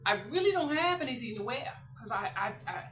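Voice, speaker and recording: A woman's voice: a little high, a little fast. Woman vlogger, middle-aged, chatty and rambling, recorded in an echoey room with dull sound. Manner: chatty, rambling, animated storytelling. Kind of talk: casual chat to viewers. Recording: roomy and slightly muffled.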